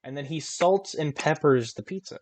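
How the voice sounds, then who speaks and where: A man's voice: a little high, normal speed. A young man co-hosting a podcast in casual chat, telling rambling stories full of fillers and restarts. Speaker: podcast co-host.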